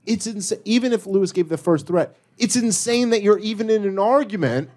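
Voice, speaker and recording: A man's voice: sits high, a little fast, darkish tone. A man joking wryly in a casual comedy podcast. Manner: wry, joking.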